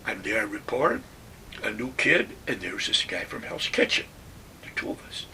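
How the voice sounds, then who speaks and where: A man in his nineties from Western New York telling his army stories in a plainspoken, animated way. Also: fairly low pitch, normal speed, distant mic, a little hiss or hum. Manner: plainspoken, animated retelling with acted-out quotes. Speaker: WWII veteran telling war stories. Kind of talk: oral history storytelling.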